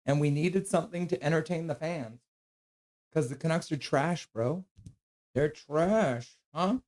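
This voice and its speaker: Chatty streamer, slightly high voice. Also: male voice, unhurried. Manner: chatty, switches into soft baby talk to his dog. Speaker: streamer host. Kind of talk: live hockey play-by-play and chat reading.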